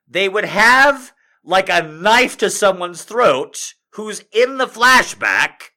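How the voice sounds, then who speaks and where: Animated, bright-voiced exasperated male comedian. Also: a little high. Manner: exasperated, profane, mocking impressions. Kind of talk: stand-up rant.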